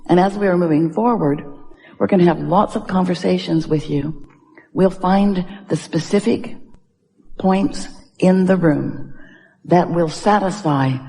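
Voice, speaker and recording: A woman delivers a channeled inspirational talk, speaking as a collective "we" and leaning into repeated phrases and drawn-out exclamations. Her voice is mellow and soft-edged. It rings out in a large hall with a long reverb. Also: deep voice. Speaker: spiritual speaker addressing an audience.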